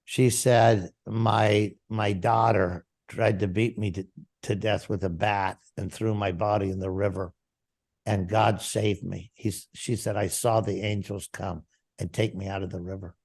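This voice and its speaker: A man's voice: lowish voice, steady tone, measured pace, gravelly, darkish tone. A man, a pastor, telling a personal story in an interview and acting out the dialogue vividly.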